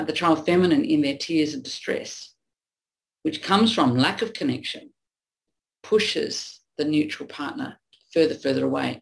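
A woman's voice: sits low, gravelly, rough recording. A woman relationship coach explaining a topic in conversation, acting out what partners say to each other. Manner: earnest, acts out quoted partners. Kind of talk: teaching conversation.

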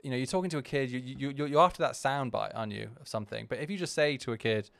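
A man hosting a podcast talks through his own video in a loose, rambling way, circling back with lots of restarts and asides. He is candid and self-deprecating, in a crisp, resonant voice recorded dry and close. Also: medium pitch, very fast, a bit bright, no echo. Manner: rambling, full of "you know" and restarts. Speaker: podcast host.

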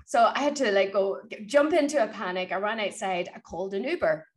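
A woman's voice: mid-range voice, brisk. Motivational woman speaking coach. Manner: energetic, motivational, animated retelling. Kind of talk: conversational interview, storytelling.

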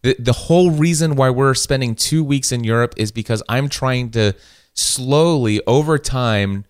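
A man in his forties on a podcast, telling a family story in a lively way and quoting himself. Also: medium pitch, a little slow, smooth, no echo, studio quality. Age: 40s. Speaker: podcast host. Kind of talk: casual chat.

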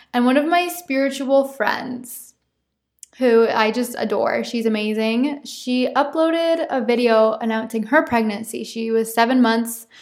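A young woman, slightly high-voiced, talks through a personal story on her podcast. She is candid and open, laughs often and swears without a second thought. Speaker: podcast host.

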